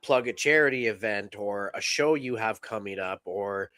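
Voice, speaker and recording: Laid-back deadpan podcast co-host man. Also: fairly low pitch, normal speed, no echo. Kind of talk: casual comedy podcast chat.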